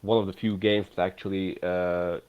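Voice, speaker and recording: Man, low voice, halting, dull lo-fi mic. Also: little pitch movement, clear, resonant tone. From Eastern Europe. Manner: hesitant, searching for words. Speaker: podcast guest. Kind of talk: casual podcast chat.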